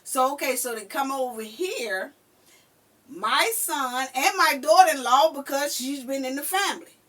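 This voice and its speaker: An older woman hosts a casual talk and tells her stories with animated energy, acting out the voices. Her voice sits fairly high and sounds bright. She is heard from a little away from the microphone. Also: a little slow, far from the mic. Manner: animated storyteller who acts out quotes. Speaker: podcast host. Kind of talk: casual chat.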